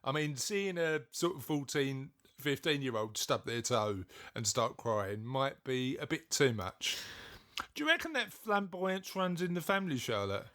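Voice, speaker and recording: A man co-hosting a casual podcast chat, playful and quick to burst into big laughs. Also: medium pitch, sing-song, bright, forceful tone. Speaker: podcast co-host.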